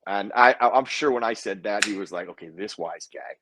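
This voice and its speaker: With background noise behind him, a man with a fairly low voice speaks a little fast. He's a guest in a laid-back interview, telling a personal anecdote and lively playing out other people's dialogue.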